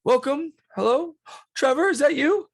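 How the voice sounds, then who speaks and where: A man voicing an overexcited bearded human camp leader who gushes greetings in a high voice. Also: lively intonation, measured pace, creaky, dry recording, studio quality, full character voice. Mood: gushing. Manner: high, effusive, gushing greetings.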